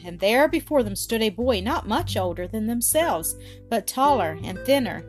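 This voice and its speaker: A woman narrates a children's storybook in a calm, measured way. Her voice sits mid-range for a woman. Faint guitar music plays softly behind her. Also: mid-range voice. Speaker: audiobook narrator.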